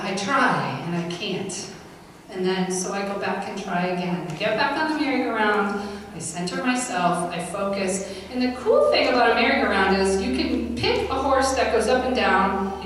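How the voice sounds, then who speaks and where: A woman's voice: medium pitch, a bit bright, slight background noise. A middle-aged woman delivers a comedic scripture lesson with chatty, self-deprecating stories. She is recorded from far away in a large hall with a long echo. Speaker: speaker at a women's church gathering.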